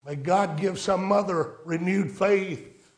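A preacher with a notably high voice tells a story to his congregation. He speaks plainly and pleads with his listeners, and his voice rings in a roomy, echoing space. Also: slow pace. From rural United States. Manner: storytelling preacher, rising to emphatic pleas. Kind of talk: sermon.

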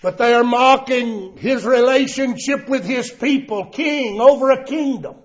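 A male pastor preaching a sermon, emphatic and drawn out, with the Bible quotes shouted. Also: very high-pitched, moderate pace, few pauses, muffled recording.

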